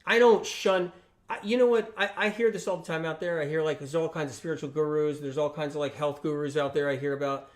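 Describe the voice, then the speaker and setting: A man's voice: on the high side, fast. A man hosting a casual livestream, talking emphatically and repetitively, often tagging his points with questions and acting out quoted friends. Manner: acts out quoted friends in lively voices. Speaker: health channel host on a livestream.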